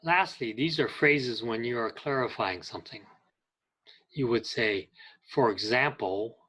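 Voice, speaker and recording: Slow and patient, a man teaching English reads aloud example phrases for giving directions and asking for clarification. His medium-pitched voice is a bit bright, and the audio is poor. He is an ESL teacher speaking deliberately in class.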